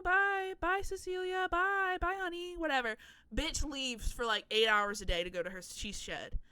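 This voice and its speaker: A woman's voice: on the high side, sharp tone, smooth, no room sound. A young woman in her twenties in casual chat about game characters, chatty, profane and playful, with rambling, self-deprecating asides. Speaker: content creator.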